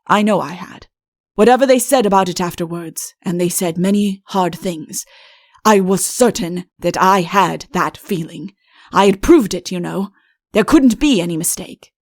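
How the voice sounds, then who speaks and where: A deposed king, plaintive and self-pitying, pleads in slow, earnest phrases, voiced by a woman. The storybook reading is dry and close, with no room sound. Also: on the low side, dry recording. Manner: slow, earnest, imploring delivery. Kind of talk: audiobook character reading.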